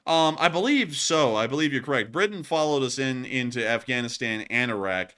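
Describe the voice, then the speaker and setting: A man's voice: mid-range voice, expressive, a little fast, bright, forceful tone, clean tone. A man who is feeling under the weather, hosting a live stream and answering chat questions with set sign-offs. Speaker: host.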